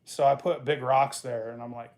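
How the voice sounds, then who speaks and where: A man's voice: medium pitch, fairly even intonation, normal speed, gravelly, a little mellow. A man hosting a casual show, telling rambling, profane stories about his past and laughing along as he goes. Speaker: host. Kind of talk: casual storytelling.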